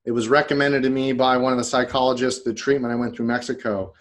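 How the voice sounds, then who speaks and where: Man, casual podcast chat, candid, rambling, mid pitch, swears. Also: fairly even intonation, quick pace. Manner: candid, rambling, swears, acts out his inner thoughts. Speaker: podcast co-host.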